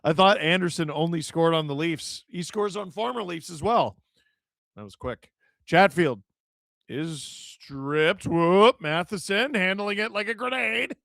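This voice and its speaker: Excitable man calling hockey live. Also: sits high, a little slow, gravelly, no room sound, studio quality. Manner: excitable, shouts at big plays, jokey. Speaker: host watching the game live with chat. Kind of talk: live watch-along commentary and chat reading.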